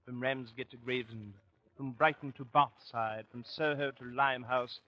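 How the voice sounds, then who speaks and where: A man's voice: sits high, very animated, measured pace, muffled recording. A man hamming up a pompous toff Englishman. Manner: blustering, full of posh slang. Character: pompous fake upper-class Englishman, man. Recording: old radio broadcast, hiss.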